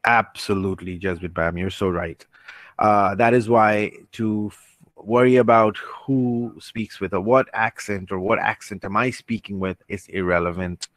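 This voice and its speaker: A man's voice: lowish voice, fairly even intonation, a little slow, a bit bright, no room sound. A man leading an online training session, earnest and reassuring, who often restarts his sentences and reads out questions from the chat. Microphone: computer mic on a video call.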